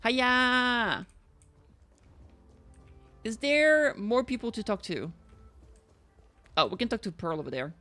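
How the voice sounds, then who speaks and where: A woman's voice: mid-range voice, very animated, moderate pace, long pauses, a bit bright, faint music behind. A woman with a French accent, chatting casually and swearing freely while she plays a game. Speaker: streamer playing a game. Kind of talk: casual gameplay commentary.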